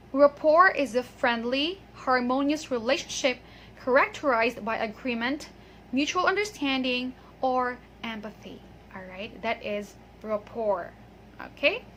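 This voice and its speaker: A woman's voice: high-pitched, a bit bright, slight background noise. A woman teaching pronunciation in an online lesson, patient and encouraging, often checking in with "okay". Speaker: English teacher.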